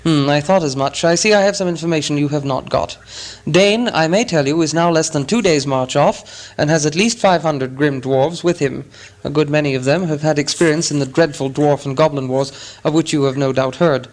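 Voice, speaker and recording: A man voicing a fussy, polite hobbit gentleman who talks in a prim, businesslike way with a squeaky voice. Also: a little fast, natural voice.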